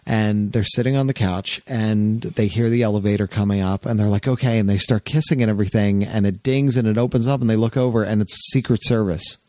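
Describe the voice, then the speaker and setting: A man hosting a podcast, chatting casually and retelling an anecdote with lively jumps into quoted voices. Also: brisk, hardly any pauses, no room sound. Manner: animated storyteller, jumps up in pitch for quoted voices. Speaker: podcast host.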